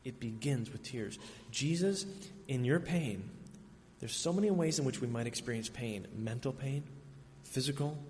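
Guy giving a sermon, earnest, pauses for effect, echoey hall with faint background hiss. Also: mid-range voice, animated, darkish tone. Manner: earnest, emphatic, with dramatic pauses. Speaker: preacher. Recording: reverberant hall, faint ambient noise.

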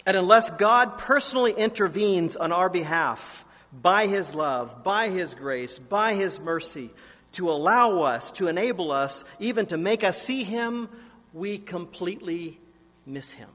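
A man's voice: sits high, animated, measured pace, fairly bright tone, long reverb tail. A man in his forties, a pastor preaching a sermon in a church, telling stories in a self-deprecating way. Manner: anecdotal, self-deprecating storytelling. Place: church sanctuary.

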